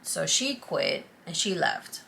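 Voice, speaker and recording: A woman vlogger tells a personal story straight to the camera, animated and confiding. Her voice sits low and a little gravelly. A faint hiss of background noise runs under it. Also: slow pace. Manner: animated, confiding, acts out quotes.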